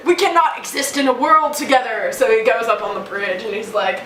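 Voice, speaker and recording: Giggly high-voiced woman in an echoey room. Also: fairly bright tone. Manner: giggly, acts out characters in quick voices. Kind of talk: casual retelling with toys. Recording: echoey room, distant mic, background noise.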